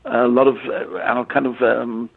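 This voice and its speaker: Gravelly older English man on a phone line. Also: mid-range voice, level tone. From England. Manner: halting, repeats words, many fillers. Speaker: medium, interview guest. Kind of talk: conversational interview. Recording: tinny phone-line audio.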